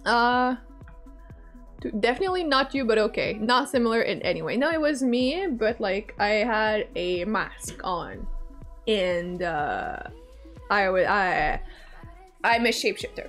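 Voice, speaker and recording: A woman's voice: mid-range voice, lively intonation, measured pace, a bit bright, faint music behind. A woman livestreamer chatting casually while she plays a game, talking bluntly and swearing now and then. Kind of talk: casual chat while gaming.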